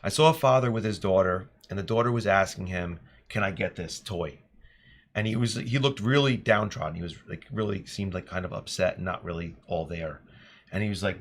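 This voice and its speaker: A man and teacher telling classroom stories in an earnest, animated podcast chat. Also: low-pitched, a little fast. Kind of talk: casual storytelling chat.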